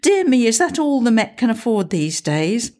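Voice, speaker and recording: A woman voicing a feisty, sarcastic old woman, shrill and bossy. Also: big pitch swings, normal speed, a little mellow. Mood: scolding. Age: older.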